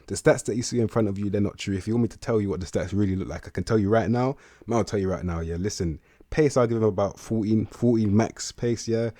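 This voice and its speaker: A man's voice: fairly low pitch, quick pace, warm tone, dry recording, studio quality. An eighteen-year-old man, giving casual, rambling video-game commentary, full of slang and restarts. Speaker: gaming commentator.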